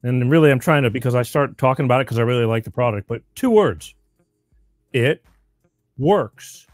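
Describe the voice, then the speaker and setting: Excitable male talk show host. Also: quick pace, no echo, studio quality, faint music behind. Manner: excitable, pitchman style with many restarts. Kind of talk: casual talk show banter and sponsor read.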